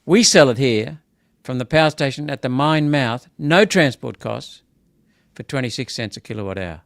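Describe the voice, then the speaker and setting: A man's voice: mid-range voice, moderate pace, vocal fry, no echo. Aussie guy ranting live about politics, repeats himself, gets worked up, dry room. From Australia. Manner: indignant, repetitive, rising to emphatic outbursts. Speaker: senator hosting a political wrap-up. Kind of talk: casual live political commentary.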